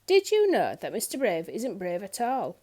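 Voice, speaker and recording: A woman voicing a naughty little storybook girl who shouts and teases. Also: medium pitch, wildly swooping pitch, moderate pace. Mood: mischievous. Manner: shouting, gleeful teasing. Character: mischievous naughty little girl, loud troublemaker.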